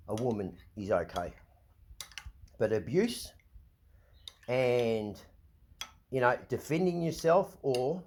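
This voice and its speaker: A man's voice: on the low side, slightly rough. A middle-aged Australian man hosting his own channel, ranting agitatedly with frequent swearing and repeated, restarted words. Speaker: vlog host. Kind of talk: ranting monologue.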